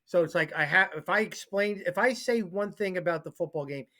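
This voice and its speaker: A man in his forties co-hosting a sports talk show, telling rambling, self-deprecating stories in an excitable, casual way. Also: high voice, fairly quick. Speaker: co-host and football coach.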